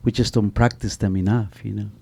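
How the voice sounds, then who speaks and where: A man's voice: on the low side, fairly even intonation, a little fast, creaky, dark tone, slightly rough. A middle-aged man speaking on an author panel, telling stories animatedly with many restarts and a repeated "you know.". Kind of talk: panel talk with spoken storytelling.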